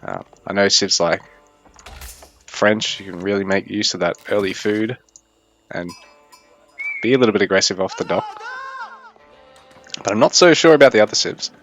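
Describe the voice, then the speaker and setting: A young man casts a strategy game in a relaxed, thinking-aloud way. His voice sits a little low and stays mostly even. Faint music plays underneath. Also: moderate pace, long pauses. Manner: chatty, thinking aloud, fairly even delivery. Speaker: esports caster. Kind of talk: casual live game commentary.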